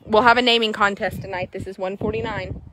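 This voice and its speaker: A woman, chatting excitably to viewers while showing a horse for sale in an arena. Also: medium pitch, fast, a little hiss or hum. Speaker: horse seller. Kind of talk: casual sales chat while riding.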